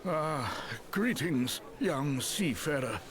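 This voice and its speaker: An actor playing a wounded old knight who speaks in courtly, archaic English. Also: male voice, a little high, animated, slow pace. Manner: archaic formal speech. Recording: game audio under music.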